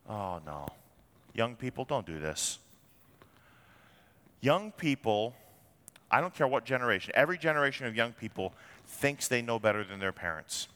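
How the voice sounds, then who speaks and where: A man's voice: mid-range voice, sing-song, moderate pace, long pauses, sharp tone, clear, resonant tone, big-room sound. A man preaching a sermon as a pastor, blunt and wry, with rhetorical asides to the congregation.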